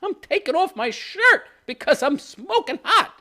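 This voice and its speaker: A man's voice: extremely high pitch, very animated, measured pace, bright, forceful tone, pitched above the performer's own voice, heavily acted. A man voicing a flirty middle-aged knight in an exaggerated, teasing way.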